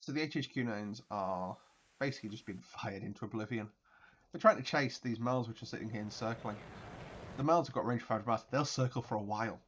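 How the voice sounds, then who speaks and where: A man's voice: mid-range voice, quick pace, husky. Chatty man narrating his gameplay. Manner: chatty, excitable, makes explosion noises and laughs. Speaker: video game channel host. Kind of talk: casual gameplay commentary.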